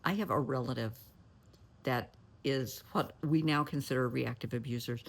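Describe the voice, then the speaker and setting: With a rumbling low, slightly rough voice at a moderate pace, a middle-aged therapist talks to camera, offering down-to-earth advice in a folksy manner. She calls people honey and sweetheart, occasionally lowering to a near whisper for emphasis.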